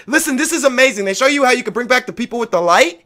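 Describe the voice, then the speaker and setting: A man hosting his own video, talking in an excited, profane rant and often shouting and laughing. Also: very high-pitched, racing. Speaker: video host.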